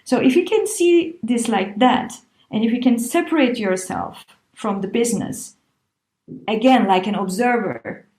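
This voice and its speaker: A woman's voice: fairly high pitch, animated, unhurried, darkish tone, echoey room. A middle-aged woman speaking reflectively as a podcast guest, with non-native phrasing and frequent restarts. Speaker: podcast guest, entrepreneur and coach. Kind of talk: conversational podcast interview.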